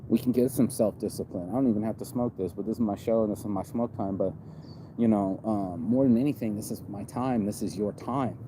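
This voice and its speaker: A man's voice: fairly low pitch, fairly quick, noisy background. Laid-back, reflective man in his forties. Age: 40s. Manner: rambling, reflective, laid-back with frequent "you know". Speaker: vlogger. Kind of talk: casual outdoor vlog monologue. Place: outdoors on a campus.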